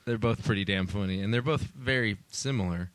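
A man's voice: lowish voice, a little fast. Joking man in a casual podcast chat. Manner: laughing, joking, trails off mid-sentence.

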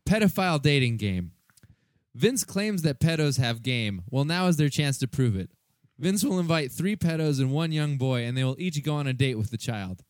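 A man's voice: on the high side, lively intonation, moderate pace, no echo. A man co-hosting a podcast, rambling through crude, self-mocking anecdotes in casual chat. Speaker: podcast co-host.

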